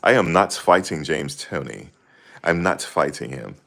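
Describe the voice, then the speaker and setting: A man's voice: rumbling low, animated, unhurried, gravelly, fairly bright tone, full character voice. A man imitating a very proper, formal-talking boxer in a stiff, prim way. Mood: prim refusal.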